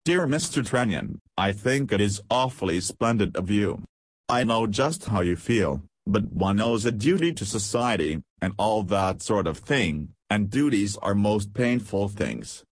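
A man's voice: on the low side, animated, unhurried, breathy edge, no echo, exaggerated voice. A man reading the part of a haughty society lady with a drawling delivery.

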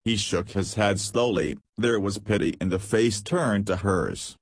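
A man narrating an audiobook in a steady, measured reading. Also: lowish voice, slightly rough, no echo.

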